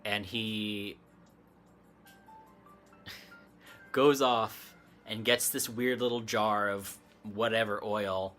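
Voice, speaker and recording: A man's voice: lowish voice, fairly even intonation, extremely slow, long pauses, a bit bright, soft background music. A man hosting a casual livestream chat, telling a story in a rambling way, laughing often and using plenty of fillers. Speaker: livestream host.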